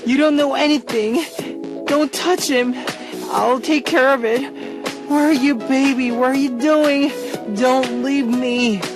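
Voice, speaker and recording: A man doing a shrill, distraught young woman. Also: steady tone, slow, music in the background, full character voice. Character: distraught young woman, clinging to her boyfriend.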